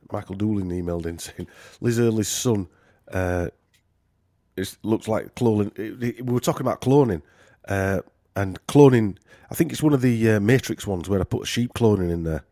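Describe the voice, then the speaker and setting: A man with a Yorkshire accent, rambling through a casual podcast chat. His voice sits a little low, and it is recorded close and dry with no room sound. He jokes around and leans on fillers and restarts. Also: animated, moderate pace, warm tone, no room sound. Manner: rambling, joking, many fillers. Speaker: podcast host.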